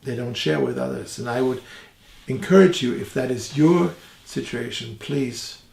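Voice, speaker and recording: Earnest German-accented man with a gravelly voice. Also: mid-range voice, darkish tone, echoey room. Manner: earnest, slow and deliberate with many fillers. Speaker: theologian and evangelist. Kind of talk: podcast teaching talk.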